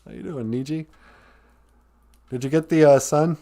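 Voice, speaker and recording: A man's voice: on the high side, normal speed, warm tone. A man from northern Minnesota hosting a live stream, teaching words and joking playfully as he goes. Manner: playful, joking, laughs often. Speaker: language and culture teacher, host.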